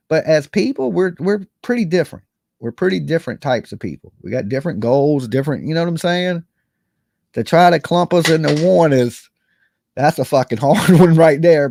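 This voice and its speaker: A man's voice: fairly high pitch, a little mellow, no room sound, studio quality. A man, just woken up, ranting casually as a livestream host, rambling and repeating "okay" and "you know what I'm saying".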